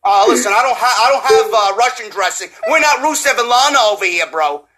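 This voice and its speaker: A fussy, bickering man who keeps offering salad fixings and snaps back when anyone complains. A man puts him on mid-rant, high and bright, with a voice that swings up and down. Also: animated, a little fast, full character voice. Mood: fussing. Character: flustered man fussing over a salad he serves.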